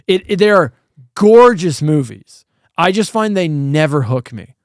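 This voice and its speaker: A man's voice: a little high, lively intonation, measured pace, no room sound, clean studio sound. A man co-hosting a podcast in casual chat, blunt and profane, often cutting in to say his piece. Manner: blunt, swears, keeps cutting in. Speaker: podcast co-host.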